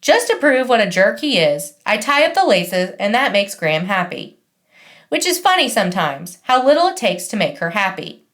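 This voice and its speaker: Audiobook narrator: woman, wry first-person read, animated pitch. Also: normal speed. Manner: wry, conversational teen voice.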